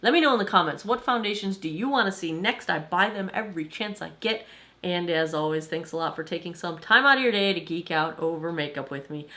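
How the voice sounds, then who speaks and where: Chatty, slightly hoarse woman in her forties. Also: fairly low pitch, animated, brisk, pushed and bright. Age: 40s. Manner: chatty, enthusiastic, laughs often. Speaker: beauty vlogger. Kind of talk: casual makeup review.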